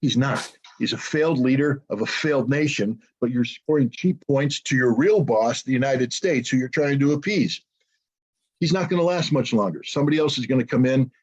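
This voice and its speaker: Male analyst in an interview, hoarse-edged voice, blunt talk, dull recording. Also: medium pitch, moderate pace. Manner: blunt, opinionated, repeats words when searching. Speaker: interview guest, military analyst. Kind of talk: unscripted interview commentary.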